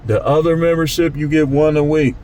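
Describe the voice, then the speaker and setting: Speaking fairly quickly with fairly even intonation, this man talks casually to his channel, looping through loose, repetitive street talk. His voice sits on the high side and is a little mellow, and the low-quality recording carries a little hiss or hum. He's the channel host, delivering a casual monologue vlog.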